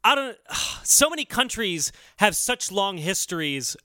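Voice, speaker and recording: A man in his thirties, co-hosting a podcast in casual, excitable chat with quick laughs. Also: high-pitched, no room sound, clean studio sound. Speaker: podcast co-host.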